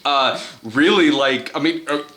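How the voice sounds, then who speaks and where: A man's voice: on the high side, measured pace, bright, forceful tone. A young man hosting a casual film review, rambling and joking with lots of filler words. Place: indoor room.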